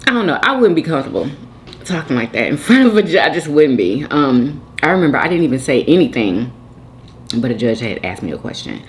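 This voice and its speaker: A woman's voice: rumbling low, slight background noise. A woman hosting a mukbang, chatting and commenting while eating, talking straight to her viewers with lots of "y'all". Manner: talks straight to viewers, says "y'all" a lot, laughs. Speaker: mukbang host.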